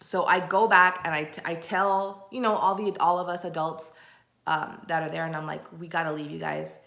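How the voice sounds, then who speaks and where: A woman from Texas recounts a story for her vlog in a casual, animated way. She slips into the voices of the people she quotes and rants in exasperation. Her voice is bright, and it rings in an echoey room. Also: fairly low pitch, moderate pace, gravelly. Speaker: vlogger.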